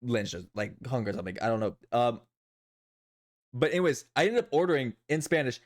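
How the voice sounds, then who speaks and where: A man's voice: mid-range voice, animated, normal speed, pauses often. A man streaming live, chatting casually and rambling, often repeating his own phrases.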